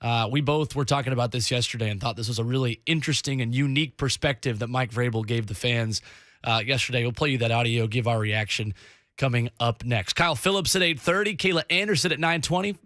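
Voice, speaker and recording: Bright-voiced man hosting sports radio. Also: medium pitch, no echo, studio quality. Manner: brisk, promotional, on-air. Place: radio studio.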